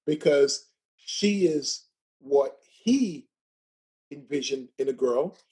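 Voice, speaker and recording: A man's voice: on the high side, animated, slow, darkish tone, breathy edge. A man telling stories as a guest in a casual chat, who laughs often, keeps asking "right?" and stutters at times. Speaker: podcast guest.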